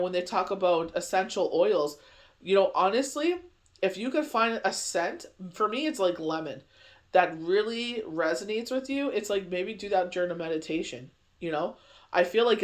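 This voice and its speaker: A man giving a casual daily tarot reading, rambling and chatty with lots of conversational fillers. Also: sits high. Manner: rambling, chatty, heavy on "you know" fillers. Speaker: tarot reader.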